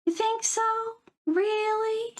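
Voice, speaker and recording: A woman's voice: very high voice, steady tone, takes it slowly, darkish tone, voice pushed up. A woman voicing an insecure schoolgirl who whines and fishes for compliments in a skit. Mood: fishing, needy. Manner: whiny, self-deprecating.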